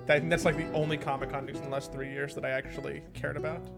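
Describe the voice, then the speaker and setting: A young man co-hosting a casual podcast, chatty and teasing, who turns energetic and hyped when he opens the show. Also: a little high, rapid-fire, gravelly, over loud music. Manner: energetic, teasing, rising to a loud hyped intro. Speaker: podcast co-host.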